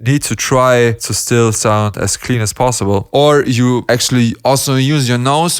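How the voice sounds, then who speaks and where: A man's voice: medium pitch, a little slow, smooth. Enthusiastic man. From Germany. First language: German. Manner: enthusiastic, laughs often, demonstrates sounds. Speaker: beatbox reaction host. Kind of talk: casual analysis commentary.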